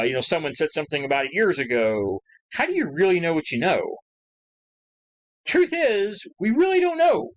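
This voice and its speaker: Animated, chatty male history lecturer. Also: mid-range voice, low-quality recording. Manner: conversational, rambling with asides and fillers; acts out quoted questions with rising emphasis. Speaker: history teacher. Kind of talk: recorded lecture.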